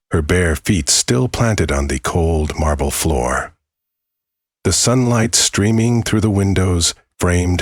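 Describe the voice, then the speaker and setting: Man, narrator, very deep voice, husky, dry close sound, measured, solemn. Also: no room sound. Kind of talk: scripted dramatic narration.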